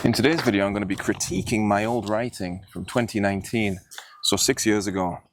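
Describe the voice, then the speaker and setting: A man's voice: lowish voice, a little fast, a little hiss or hum. A young man hosting a writing video, explaining mistakes in his old story in a plain, self-critical way. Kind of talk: casual teaching monologue.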